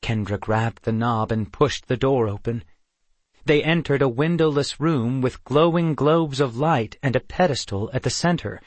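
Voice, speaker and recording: This is scripted audiobook narration by a man whose storytelling is steady and measured. He has a medium pitch, and the recording is dry.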